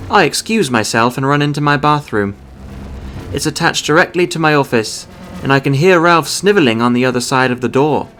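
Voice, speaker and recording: A man's voice: a little high, expressive, brisk, a bit bright, faint music behind. A man narrating his own short story as an audiobook in an earnest first-person telling.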